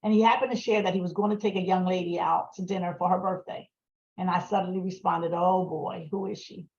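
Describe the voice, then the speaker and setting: A middle-aged woman with a lowish voice tells her personal story as a guest speaker, earnest and emotional, pausing often. The audio is muffled, lo-fi video-call sound. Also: fairly even intonation, a little mellow, reverberant, a little hiss or hum. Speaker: guest speaker, survivor advocate. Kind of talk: personal testimony.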